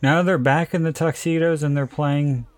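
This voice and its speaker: A man's voice: on the high side, fairly even intonation, normal speed, darkish tone, no echo, soft background music. A man hosting a podcast, telling stories in a casual chat and laughing often as he goes. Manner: chatty storyteller, laughs often. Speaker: podcast host.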